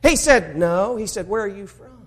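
Southern preacher guy from mississippi, high voice, gets loud then drops way down, storytelling sermon. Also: lively intonation, normal speed. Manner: impassioned storytelling preaching, swinging from loud exclamations to hushed asides.

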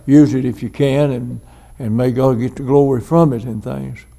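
A man's voice: medium pitch, fairly even intonation, normal speed, gravelly, dark tone. A man preaching an informal sermon, folksy and rambling. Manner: folksy, rambling, frequent "and things".

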